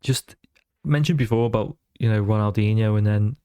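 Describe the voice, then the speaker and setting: Chatty man telling animated stories. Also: lowish voice, normal speed, smooth, no echo. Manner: animated storyteller who slips into voices. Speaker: podcast guest. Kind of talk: casual chat.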